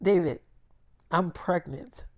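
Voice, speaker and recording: A woman's voice: fairly low pitch, takes it slowly, dry recording. A storyteller voicing a bold, pushy young pregnant girlfriend who talks bluntly and pleads her case. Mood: insistent.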